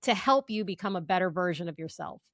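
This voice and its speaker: A woman's voice: lowish voice, lively intonation, quick pace, a bit bright, dry recording. A woman hosting an interview, asking a thoughtful, open question. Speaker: host.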